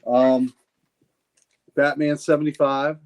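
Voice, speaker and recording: A man's voice: fairly high pitch, flat delivery, takes it slowly, darkish tone. Enthusiastic rambling male comic collector. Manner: enthusiastic, rambling, repeats words. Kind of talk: casual livestream chat showing comics.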